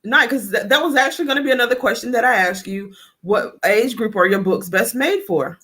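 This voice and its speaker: A woman's voice: on the high side, brisk, bright, forceful tone. A woman hosting an interview, upbeat and encouraging toward her guest. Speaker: show host. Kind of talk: interview chat.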